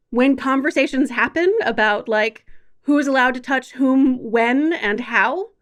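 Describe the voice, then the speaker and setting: A woman's voice: on the high side, a bit bright. A woman sex educator talking frankly and wryly as a podcast guest, emphatic and conversational.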